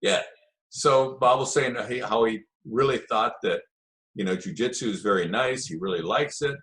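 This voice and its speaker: A man's voice: fairly low pitch, normal speed, a bit bright. An older man, a podcast guest, telling long anecdotes in a casual interview and acting out what others said. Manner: rambling anecdotes with acted quotes.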